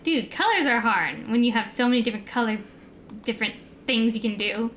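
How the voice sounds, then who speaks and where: A woman's voice: on the high side, brisk, fairly bright tone, soft background music. A young American woman streamer rambling in casual chat, laughing easily and filling her talk with "like". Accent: neutral American. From United States. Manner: rambling, chatty, laughs easily, filler-heavy.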